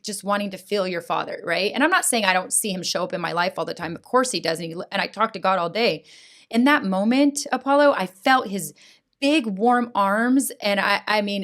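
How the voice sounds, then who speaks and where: A middle-aged woman speaks as a podcast guest, recounting personal experiences with earnest feeling. She talks in an animated way, checking in with her listener with a frequent "right?". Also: medium pitch. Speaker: school board president, guest. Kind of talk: emotional personal testimony in a podcast interview.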